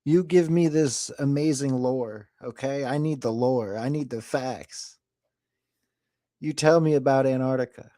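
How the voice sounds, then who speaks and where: A man's voice: mid-range voice, unhurried, mellow, no echo. A man hosting a casual online chat show, teasing and pushing for answers. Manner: pushy, teasing, demanding answers. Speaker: host.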